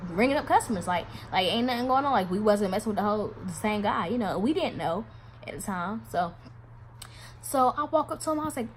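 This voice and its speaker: Animated young woman telling a storytime. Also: fast, slight background noise. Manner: animated, swearing, acts out quotes in a louder higher voice. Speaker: vlogger. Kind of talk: casual storytime.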